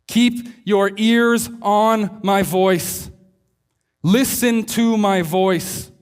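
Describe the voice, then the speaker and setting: A man voicing a calm male emergency radio controller who gives steady, firm, repeated commands to guide a plane home. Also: sits high, extremely slow, smooth, soft background music. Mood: commanding.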